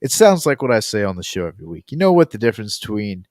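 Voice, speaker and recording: A man's voice: fairly low pitch, big pitch swings, quick pace, darkish tone, dry recording, studio quality. A man co-hosting a movie podcast, bantering and joking in casual chat. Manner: playful, jokey banter. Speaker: podcast co-host.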